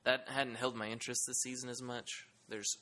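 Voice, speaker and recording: A man's voice: medium pitch, level tone, normal speed, pushed and bright, a little hiss or hum. A man co-hosting a casual TV podcast who jokes and teases his co-hosts. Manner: joking, teasing. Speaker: podcast co-host. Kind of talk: casual TV discussion.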